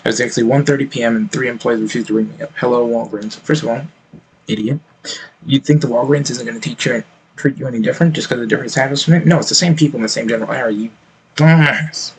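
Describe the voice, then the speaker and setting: Gravelly-voiced streamer, blunt and profane, ranting reactions to clips. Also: male voice, mid-range voice, fast, crowd noise, rough recording. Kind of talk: reaction commentary.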